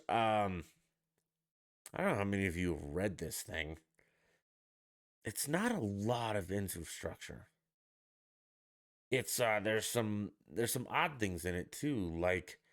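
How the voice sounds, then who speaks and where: A man hosting his own stream, ranting with profanity and sarcasm in casual solo commentary. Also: deep voice. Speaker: podcast host.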